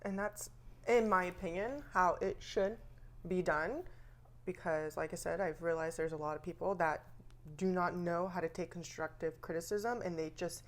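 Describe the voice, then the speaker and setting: A woman's voice: fairly low pitch, steady tone, moderate pace. A woman hosting a podcast, agreeing often and sharing her own view in casual chat. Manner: affirming listener, frequent agreement. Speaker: podcast host.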